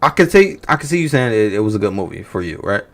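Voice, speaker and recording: Fast-talking and fairly low-pitched, with big swings in pitch, a man reacts to movie news on his livestream. He banters rhetorically with viewers, teasing them and swearing without restraint.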